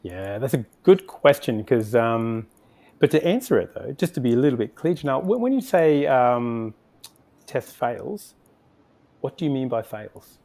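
A man's voice: mid-range voice, big pitch swings, unhurried, a little mellow. A man speaking as a podcast guest, explaining his work in a conversational way, thinking aloud with frequent restarts and fillers. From Australia. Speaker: podcast guest, conversion optimization agency founder. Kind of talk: conversational interview answers.

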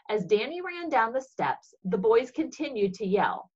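A woman reading a children's story aloud for religious education, expressive and husky. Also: a little high, normal speed, dull audio.

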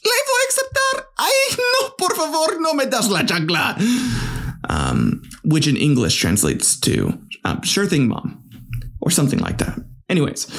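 Irreverent man joking through history. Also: fairly high pitch. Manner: irreverent, joking, stumbles over words. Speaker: comedy history podcast host. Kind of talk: casual comedic history narration.

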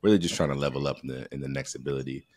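A man with an extremely low, deep voice talks casually as a podcast co-host. He speaks in a halting way, full of restarts and fillers. His phrasing is loose and slangy. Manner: relaxed slangy talk.

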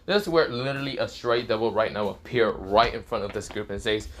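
A man's voice: medium pitch, animated, fast talker, few pauses, noisy background. A young man narrating an improvised fan-fiction story, rambling with lots of fillers and restarts. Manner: rambling, many fillers like "this is where, well, mostly".

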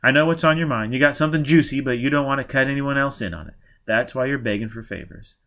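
A man reading an audiobook, voicing a nervous retired crook who talks in a gruff, blustering way. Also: mid-range voice, quick pace, fairly bright tone, pitched above the performer's own voice, natural voice.

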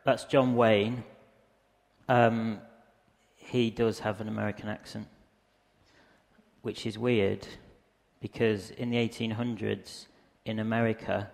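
A man's voice: fairly low pitch, little pitch movement, slow, gravelly, long pauses, a little mellow. A man giving a casual, rambling lecture with slides, hesitating often with ums, speaking into a microphone in a museum lecture hall. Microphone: handheld or stand microphone.

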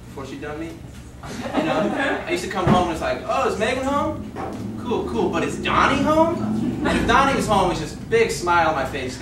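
Man, comedian, rambling anecdotes, filler words, slightly high voice, distant echoey mic. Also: background noise. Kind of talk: storytelling testimonial.

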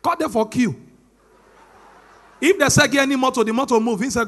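A young Nigerian man doing animated stand-up comedy, mixing in pidgin and shouting his punchlines. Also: extremely high pitch, fairly quick, pauses often.

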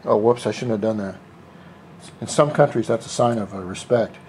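A man's voice: lowish voice, moderate pace, darkish tone, slight background noise. A middle-aged man giving a casual how-to vlog from his workshop, rambling, joking and cussing freely as he spray paints parts. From United States. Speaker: scooter hobbyist vlogger.

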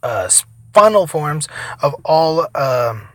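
A tired young man giving casual, profane gameplay commentary, rambling between loud outbursts and mumbled asides. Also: a little high, big pitch swings, slow, dry recording. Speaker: gaming vlogger.

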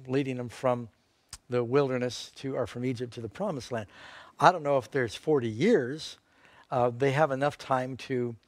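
Relaxed pastor, dry studio sound. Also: male voice, mid-range voice, no room sound. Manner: relaxed, halting, many fillers. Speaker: pastor and co-host. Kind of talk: unscripted Bible Q&A.

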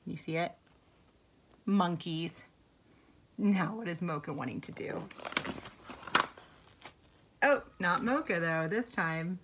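A woman teacher reads a picture book aloud to children. Her pitch sits in a mid range, and her delivery is slow, clear and patient. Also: a little hiss or hum.

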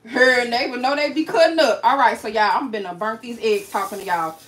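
A woman with a high, bright voice talks her viewers through a recipe on a casual cooking livestream. She is chatty and playful, jokes and swears now and then, and speaks straight to the audience. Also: brisk.

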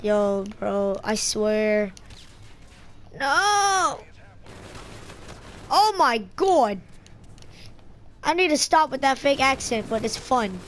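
A fairly high-voiced woman rambles through casual gameplay commentary. She is excitable and trash-talks her teammates, with sudden yelps when things go wrong. A faint hiss sits under her voice. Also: slow pace. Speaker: gaming channel host.

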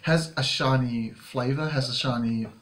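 A man's voice: mid-range voice, unhurried. A man co-hosting a music video reaction, talking in an easygoing, filler-heavy way and wrapping up with channel plugs. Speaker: YouTube reaction co-host. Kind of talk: casual reaction chat. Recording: music video playing loudly behind.

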